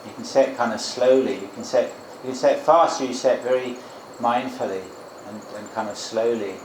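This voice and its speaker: A man teaching as a Buddhist monk, giving an informal dharma talk and guided meditation in a gentle, musing way with frequent restarts. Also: medium pitch, brisk, noisy background. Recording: echoey room with loud crickets. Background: crickets and insects.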